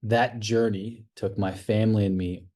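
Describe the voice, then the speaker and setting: A low, deep American man in his forties talks through his memories. He tells them with energy, acting out the other people's lines and often laughing at himself. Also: moderate pace. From United States. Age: 40s. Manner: animated storyteller, acts out dialogue, laughs at himself. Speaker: guest, retired army officer and coach. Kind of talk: conversational interview storytelling.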